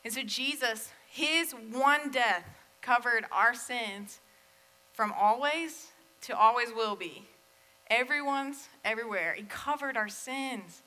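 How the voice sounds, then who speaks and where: A woman's voice: fairly high pitch, takes it slowly, sharp tone, poor audio. A young woman giving a casual sermon, chatty and full of fillers, with self-deprecating asides.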